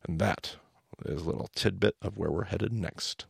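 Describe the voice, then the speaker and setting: A man's voice: low-pitched, moderate pace, gravelly, husky, dry recording, clean studio sound. A man hosting a podcast, teaching in casual chat and acting out the lines he quotes. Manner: animated storyteller, acts out quoted lines.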